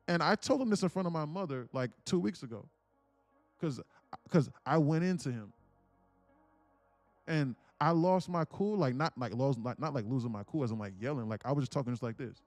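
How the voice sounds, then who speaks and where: A young man livestreaming, telling a family story in a blunt, animated rant and saying "bro" constantly. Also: mid-range voice, moderate pace, dry recording, soft background music. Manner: blunt, repeats "bro" constantly, grows louder and more insistent. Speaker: livestream day trader.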